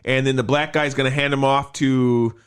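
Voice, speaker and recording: A man's voice: medium pitch, normal speed, clean tone. A man co-hosting a podcast, chatting casually and recapping a film scene by scene. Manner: animated, recapping a movie scene by scene. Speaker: podcast co-host. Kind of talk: casual chat.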